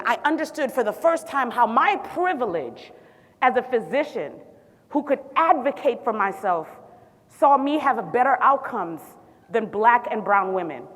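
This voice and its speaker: A woman physician from Zimbabwe tells her story on stage and keeps dropping playful asides to the crowd. Her voice sits a little high. A long reverb trails each phrase through the large hall. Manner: sassy, animated asides to the audience. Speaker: physician and city health director speaking on stage. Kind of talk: storytelling public talk.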